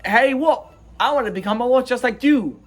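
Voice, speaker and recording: A stubborn young male lamb, as a man voices him pushes his point with slangy bravado. His voice sits a little higher and keeps insisting. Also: moderate pace. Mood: insistent.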